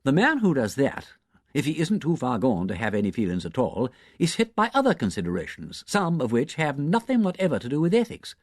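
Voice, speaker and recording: A man voicing an urbane, witty aristocratic gentleman detective who speaks in a smooth, measured way. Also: mid-range voice, wildly swooping pitch, no echo, studio quality, voice pushed up.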